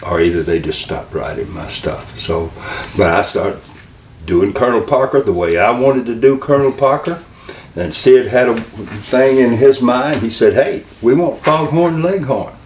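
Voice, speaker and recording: In a distant, echoey recording with a faint hum, an older interview guest tells folksy, meandering stories from his working life, frequently beginning sentences again. His voice sits on the low side with a darkish tone, moving at normal speed.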